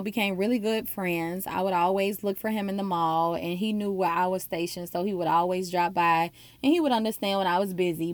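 A woman's voice: lowish voice, no room sound. Earnest woman sharing a faith story. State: emotional, near tears. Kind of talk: personal faith testimony.

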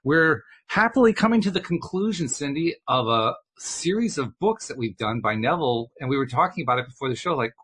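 A man's voice: a little high, lively intonation, a little fast, few pauses, a bit bright, breathy edge. A man hosting a talk show, chatting casually and joking at his own expense. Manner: chatty, self-deprecating, with restarts. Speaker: podcast host. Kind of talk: casual chat.

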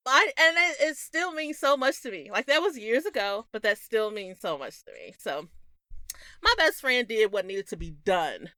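A young adult woman co-hosting a podcast, telling stories in a casual, animated way, laughing often. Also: a little high, moderate pace, dry recording, studio quality. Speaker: podcast co-host. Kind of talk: casual chat.

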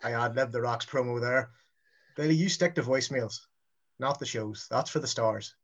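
A man's voice: mid-range voice, normal speed. A man in his thirties trading boastful, mocking trash talk on a podcast. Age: 30s. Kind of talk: casual chat.

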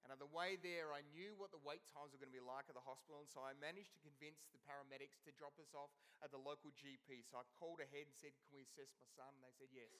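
Aussie pastor guy, high bright voice, storytelling sermon, gets loud then goes real quiet. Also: quick pace, few pauses. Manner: animated storytelling, swinging from loud to hushed. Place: church.

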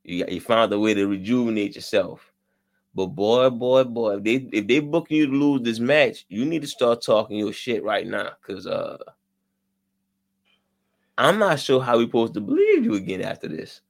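A man's voice: mid-range voice, animated, normal speed, gravelly. A man co-hosting a casual wrestling podcast, talking bluntly with slang and profanity. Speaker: podcast co-host.

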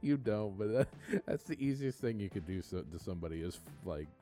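A man's voice: on the low side, lively intonation, brisk, mellow, faint music behind. A man co-hosting a podcast, rambling loosely about songs in casual, profane chat and laughing easily. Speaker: podcast co-host.

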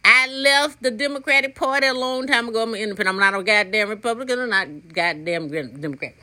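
A woman in her sixties hosting a podcast as a casual, rambling solo monologue, blunt and profane, jumping between topics and leaping up in pitch to stress a point. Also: fast, pushed and bright. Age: 60s. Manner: sudden jumps up in pitch for emphasis. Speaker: podcast host.

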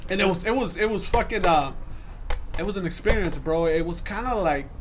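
A man's voice: high voice, animated, a little fast, music in the background. A young man in casual chat with friends, telling a story in heavy profane slang and calling them dog and bro.

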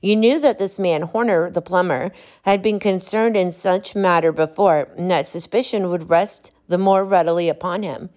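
A woman reading aloud, voicing a calm, stern male detective who speaks with cutting precision. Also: lowish voice, normal speed, muffled recording, natural voice. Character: cool, commanding male detective.

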